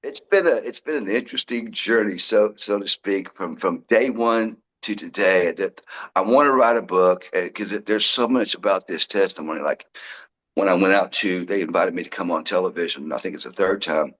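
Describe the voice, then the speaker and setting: A man, a guest in an interview, telling his story in a lively way and acting out what people said. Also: sits low, normal speed, lo-fi sound. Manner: lively storyteller who acts out quoted dialogue. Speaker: guest, product founder.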